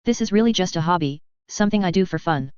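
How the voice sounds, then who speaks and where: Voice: mid-range voice, lively intonation, quick pace, darkish tone, smooth, no room sound, dull audio, lightly acted. A narrator voicing a modest young male student who cooks, speaking wryly and with understatement. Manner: wry, understated.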